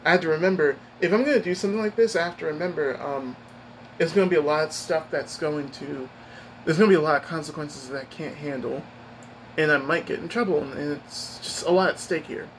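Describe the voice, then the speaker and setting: Guy venting on his vlog, kinda high voice, keeps restarting, faint ac hum behind. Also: a little fast, a bit bright, poor audio. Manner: rambling, upset retelling with many restarts. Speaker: vlogger. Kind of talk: casual personal storytelling.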